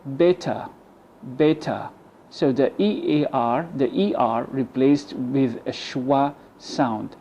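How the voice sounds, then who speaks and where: A man teaching English pronunciation, repeating model words slowly between explanations. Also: mid-range voice, warm tone, a little hiss or hum. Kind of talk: pronunciation lesson. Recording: dull lo-fi sound.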